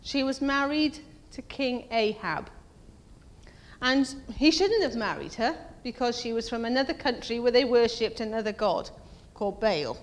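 A woman's voice: animated, normal speed. A woman preaching a conversational sermon, asking her congregation questions and acting out quoted voices. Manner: acts out quoted voices in a higher pitch. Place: church. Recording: long reverb of a church hall.

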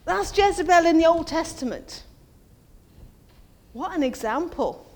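Recorded with the long reverb of a church hall, a woman gives a conversational sermon, asking the congregation questions. Her intonation is lively, her pace a little slow, and her tone slightly mellow, and she uses a higher pitch to act out quoted voices.

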